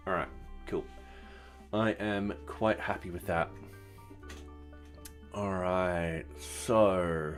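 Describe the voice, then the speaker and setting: A man live-streaming his coding work, thinking aloud and narrating each step as he tests his software in a relaxed, offhand way. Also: deep voice, extremely slow, long pauses, soft background music. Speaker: software developer streaming his open source project.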